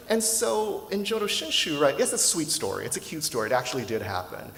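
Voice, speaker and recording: A man giving a sermon as a minister, telling a story in a conversational, lively way with rhetorical questions. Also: on the high side, brisk, vocal fry, few pauses, a crowd in the background. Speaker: minister giving a dharma talk. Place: temple hall. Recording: roomy hall echo with faint ambience.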